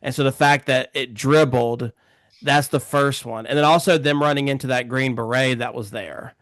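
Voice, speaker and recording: A man's voice: mid-range voice, steady tone, normal speed, fairly bright tone, dry recording, clean studio sound. A man co-hosting a casual film discussion, talking in an agreeable, reflective way with frequent fillers. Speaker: podcast co-host.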